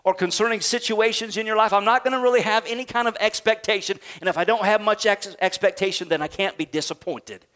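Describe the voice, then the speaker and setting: A male pastor preaching a sermon with a call-and-response style, sometimes building to shouts. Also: high-pitched, fast talker, few pauses.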